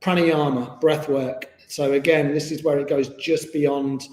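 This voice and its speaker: A man's voice: on the high side, level tone, a little slow, darkish tone. A man teaching a live online yoga class in an easygoing, chatty way with many fillers. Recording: echoey room with long reverb.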